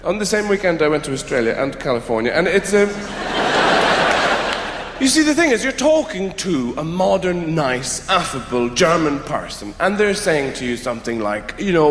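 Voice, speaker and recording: An Irish man doing stand-up comedy, wry and rambling, shifting between mumbled asides and loud outbursts. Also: fairly high pitch, very animated, normal speed, a little hiss or hum. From Ireland. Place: theatre stage before a live audience. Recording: roomy hall with long reverb.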